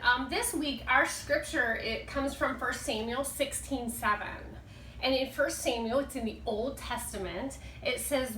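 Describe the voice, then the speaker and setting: A woman teaching a children's Bible lesson, talking to the kids in an animated, gushing, sing-song way. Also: on the high side, a little hiss or hum. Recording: echoey room, mic at a distance.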